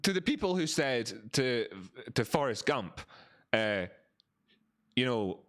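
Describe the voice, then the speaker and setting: Animated, profane man ranting on a livestream. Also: unhurried. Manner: animated, rising in pitch for emphasis; repeats phrases, talks to viewers as family. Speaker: livestream market analyst. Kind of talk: live stock-chart commentary.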